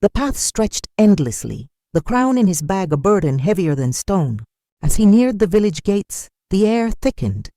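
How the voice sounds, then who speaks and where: Slow, expressive storybook narrator. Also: medium pitch, no echo, clean studio sound.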